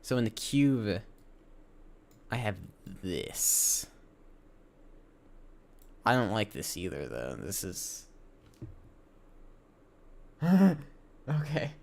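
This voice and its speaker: Male streamer, low-ish voice, very slow, sleepy, halting self-talk while coding. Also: very animated, gravelly. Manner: thinks aloud, halting, self-correcting. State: sleepy, yawning. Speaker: game developer streaming.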